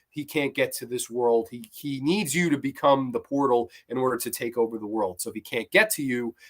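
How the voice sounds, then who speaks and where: A man's voice: medium pitch, fairly bright tone. A man hosting a casual show where he ranks cartoon episodes, talking in a rambling, enthusiastic way and quoting scenes. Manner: rambling, enthusiastic, quotes scenes in loose voices. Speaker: host of a cartoon review show. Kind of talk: casual episode ranking commentary.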